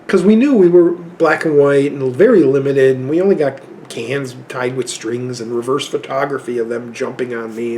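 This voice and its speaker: A man's voice: a little high, darkish tone, a little hiss or hum. A man in his fifties telling rambling anecdotes in a casual chat about his film collection.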